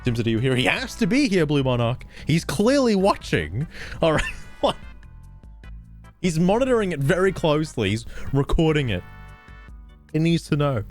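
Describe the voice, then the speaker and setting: Animated, swearing male streamer with a strained throat. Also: fairly high pitch, moderate pace, pauses often, faint music behind. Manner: profane, animated, self-mocking. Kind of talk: casual livestream chat.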